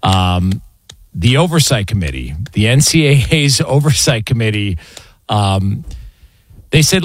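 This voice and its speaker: A man's voice: lowish voice, big pitch swings, a little slow, pauses often, no echo. Male sports radio host, playful and teasing, close dry studio mic. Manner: jokey, teasing, reads ad copy. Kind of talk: casual sports radio banter.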